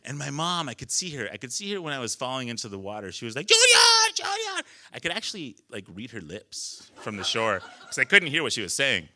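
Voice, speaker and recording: A man telling a personal story on a small live stage, animated, laughing often and swearing casually. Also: mid-range voice, fast, few pauses.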